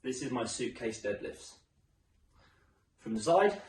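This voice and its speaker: A man's voice: medium pitch, big pitch swings, a little slow, darkish tone. A man leading a home workout class, upbeat and encouraging, a little out of breath as he goes. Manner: upbeat, encouraging, chatty coaching. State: slightly out of breath. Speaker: fitness instructor. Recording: echoey room, mic some distance away.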